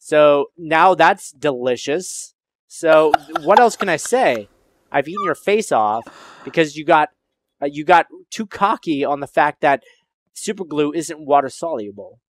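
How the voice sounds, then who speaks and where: A man in a playful debate, boasting and taunting his opponent in an animated way. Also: a little high, normal speed. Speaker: debate contestant. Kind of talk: playful trash-talk debate.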